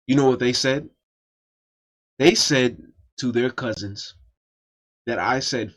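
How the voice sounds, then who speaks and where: A man's voice: mid-range voice, slow, pauses often, muffled recording. A man telling a personal story in a casual, profane and emphatic storytime monologue.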